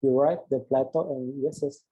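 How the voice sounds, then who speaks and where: A man's voice: medium pitch, fairly even intonation, moderate pace, slightly rough, lo-fi sound. A young man, a student, reads an interview script aloud and voices both the host and the guest, stumbling and restarting on words. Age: young adult. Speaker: student presenting an assignment.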